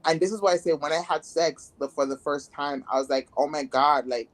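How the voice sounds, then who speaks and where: A woman with a low-sitting voice talks briskly as a guest in a casual interview. Candid and blunt, she rambles and uses many filler words.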